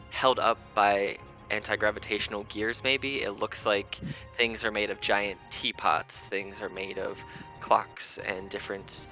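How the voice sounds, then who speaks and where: A man's voice: lowish voice, sharp tone. A man narrating a tabletop game as game master, loose and full of ums.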